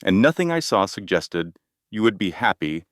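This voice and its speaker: A man's voice: fairly low pitch, big pitch swings, normal speed, no room sound, studio quality. A man voicing a frightened young pregnant woman who answers in a small, choked, defensive way.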